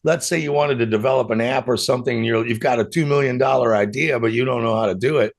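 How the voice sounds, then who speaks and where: A man's voice: medium pitch, quick pace, vocal fry. A man hosting a casual podcast conversation, joking around, laughing often and talking in a loose, rambling way. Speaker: podcast host.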